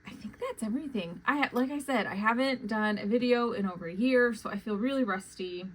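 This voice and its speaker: A young adult woman, chatting casually about her cross-stitch projects, with lots of "um" fillers and quick, self-conscious talk. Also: a little high, poor audio. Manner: chatty, many "um" fillers, says she talks fast. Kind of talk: casual chat.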